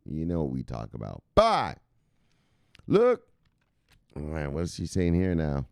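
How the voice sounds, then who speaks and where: A man's voice: rumbling low, animated, brisk, creaky, dark tone, smooth, no room sound, clean studio sound. A man hosting a crypto news livestream in a loose, rambling way, swearing freely and barking out catchphrase sign-offs. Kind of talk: casual livestream chat.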